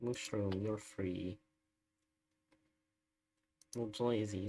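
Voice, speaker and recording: A man's voice: lowish voice, takes it slowly, long pauses, fairly bright tone. A man streaming a strategy game live, chatting through it in a wry, sarcastic way. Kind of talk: live gameplay commentary.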